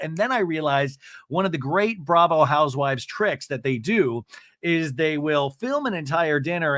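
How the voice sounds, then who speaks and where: A man hosting a podcast, recapping a reality show in casual, animated chat with jokey asides. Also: on the high side, dry recording, studio quality. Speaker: podcast host.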